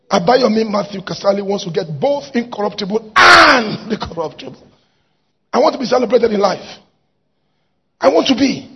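A pastor preaching a sermon, swinging from shouted exhortation to quiet asides. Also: male voice, high voice, gravelly, breathy edge. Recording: dull lo-fi recording.

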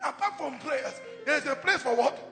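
A man's voice: extremely high pitch, animated, moderate pace. A man preaching a fervent charismatic sermon, leading the crowd in repeated decrees and calls to repeat after him. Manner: repetitive call-and-response decrees, often shouted. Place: large church hall. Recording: echoey church hall with faint music.

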